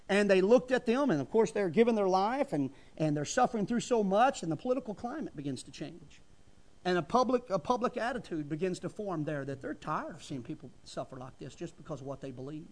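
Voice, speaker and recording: A middle-aged preacher with a notably high voice delivers his sermon in a folksy, fervent way. He swells into loud emphatic bursts and then drops back to plain talk.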